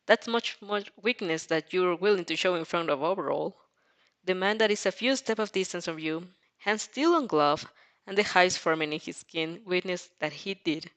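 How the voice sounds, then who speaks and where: A woman's voice: fairly low pitch, moderate pace, fairly bright tone. A woman reading fanfiction aloud in a casual manner, stumbling over words now and then and breaking into her own reactions. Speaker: fanfic reader.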